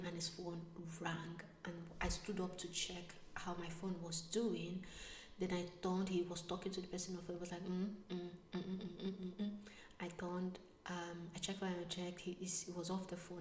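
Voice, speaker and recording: Whispery, animated woman in echoey room. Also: on the low side, slight background noise. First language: not English. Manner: animated, switching between hushed whispers and excited bursts. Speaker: vlogger. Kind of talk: casual storytelling vlog. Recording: echoey room, slightly distant mic.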